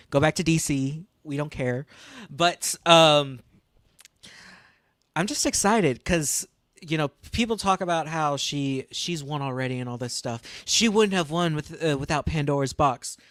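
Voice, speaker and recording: A man's voice: a little high, measured pace, fairly bright tone, dry recording, clean studio sound. A man co-hosting a casual podcast, giving passionate, emphatic fan opinions. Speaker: podcast co-host.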